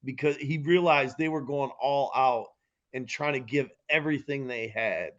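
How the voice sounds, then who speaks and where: Animated man retelling film scenes. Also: mid-range voice, normal speed, dull audio. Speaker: podcast co-host. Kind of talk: casual chat.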